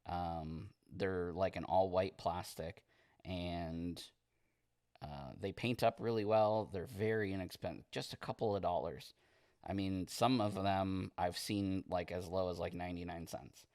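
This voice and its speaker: Deep-voiced man chatting while painting. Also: a little slow, no room sound, clean studio sound. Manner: relaxed, rambling, reads chat comments aloud. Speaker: miniature painting streamer. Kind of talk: casual livestream chat while painting.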